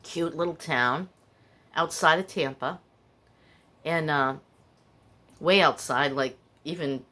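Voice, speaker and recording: An older woman hosts a casual podcast, candidly rambling through stories and sharing her feelings. Her voice is on the low side, bright, and forceful.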